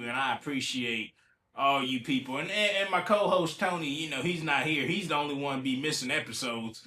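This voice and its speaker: A podcast host from Ohio, USA, is a little sick as he runs a casual solo show, reacting to news headlines in loose, colloquial talk, repeating himself and talking back to them. His slightly high voice is bright and forceful, with a roomy sound.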